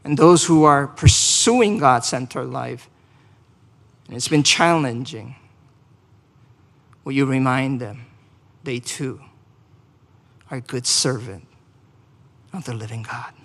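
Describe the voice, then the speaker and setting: A man's voice: mid-range voice, slow pace, creaky, long pauses, in a large hall. A man preaching a sermon and leading a closing prayer, speaking earnestly, asking the congregation questions and rising to emphatic peaks. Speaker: pastor.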